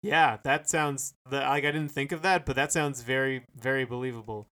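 Bright, clear-voiced rambling man. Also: mid-range voice, fairly even intonation, normal speed. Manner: rambling, hesitant, many fillers. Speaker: podcast co-host. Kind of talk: casual chat.

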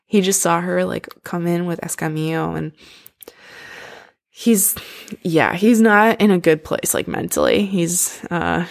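A young woman with a gravelly, somewhat low voice tells a story in an easy, chatty way. She leans on "like" and "um" as she goes, unhurried and informal. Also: sing-song. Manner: loose, filler-heavy retelling with lots of "like". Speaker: storyteller retelling an opera plot. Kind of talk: casual chat.

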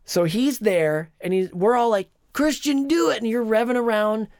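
A man co-hosting a podcast, telling a long dream in a rambling, animated way with lots of fillers. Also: high voice, normal speed, clear, resonant tone, dry recording, clean studio sound. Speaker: podcast co-host. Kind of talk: casual chat, retelling a dream.

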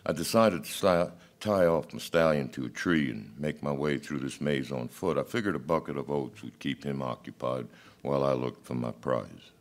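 A man reading a story aloud as a plainspoken male cowboy hunter, folksy and unhurried. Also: a bass voice.

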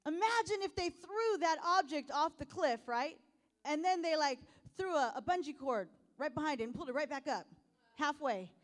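A woman preaching a sermon, laughing often and asking the audience questions, going from soft asides to loud exclamations. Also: high-pitched, lively intonation, moderate pace.

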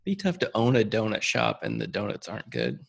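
A man's voice: on the low side, wildly swooping pitch, a little fast, gravelly. A man hosting a podcast, steering the talk and introducing segments in casual chat. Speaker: host.

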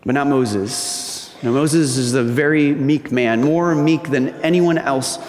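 A man's voice: mid-range voice, slow, darkish tone. A man preaching a sermon in a church. He talks in a conversational way, asks the congregation questions and acts out quoted voices. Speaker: pastor. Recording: echoey hall with long reverb.

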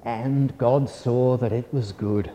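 A man reads a children's storybook aloud in a soft, gentle and measured voice. His tone is mellow and dark, and a long hall reverb trails after each phrase. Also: mid-range voice, steady tone, a little hiss or hum.

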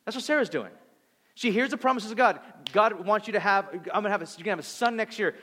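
A man in his thirties preaching a sermon, animated, acting out voices and swinging between loud and soft. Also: sits high, fast. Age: 30s. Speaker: pastor. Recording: long hall reverb.

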